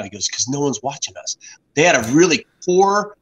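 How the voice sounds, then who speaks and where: An American man in his fifties, a guest in a casual interview, tells rambling stories and keeps restarting his sentences. His voice is on the high side, husky and a bit bright, with big pitch swings and a brisk pace, captured in a rough recording.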